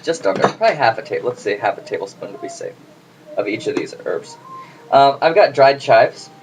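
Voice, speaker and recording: A man with a mid-range, sing-song voice talks briskly while hosting a casual home cooking video. Chatty and jokey, he speaks to the camera as he works in his kitchen, in a noisy home recording.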